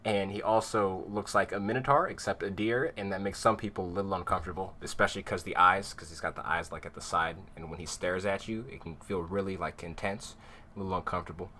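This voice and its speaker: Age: young adult. Role: game master. Style: casual, teasing stream intro over a video call mic. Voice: slightly low, bright, forceful. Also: male voice, steady tone, fast talker, slight background noise. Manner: rambling, teasing, drops his voice for asides. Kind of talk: casual, joking intro to a live tabletop stream.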